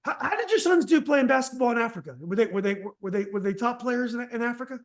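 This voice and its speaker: A man's voice: very high voice, expressive, quick pace. A man hosting a podcast interview, talking in a casual, conversational way and often restarting his sentences. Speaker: podcast host.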